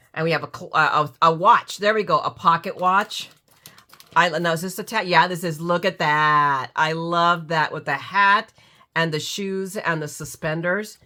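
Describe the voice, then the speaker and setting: A chatty woman with a stuffy, runny nose, gushing over each piece she unboxes. Her voice sits a little low but sounds bright and forward, and she rambles in an excited, casual way. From United States. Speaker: craft channel host.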